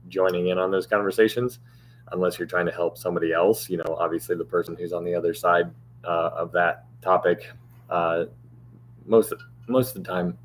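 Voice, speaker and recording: A man's voice: deep voice, a little hiss or hum. A man hosting a livestream Bible study, chatting casually and thanking viewers by name, his voice strained and cutting out. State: strained voice that cuts out.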